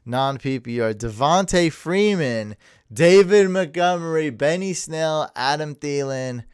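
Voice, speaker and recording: A man's voice: fairly high pitch, expressive, a little slow, clear, resonant tone, no echo, clean studio sound. A man hosting a sports podcast, chatting casually and energetically, rambling and laughing at himself. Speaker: podcast host. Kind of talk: casual chat.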